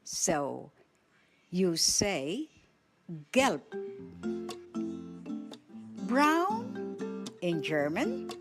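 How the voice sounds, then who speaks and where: A woman teaching a radio language lesson, saying each word slowly and clearly and then repeating it. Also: mid-range voice, big pitch swings, soft background music.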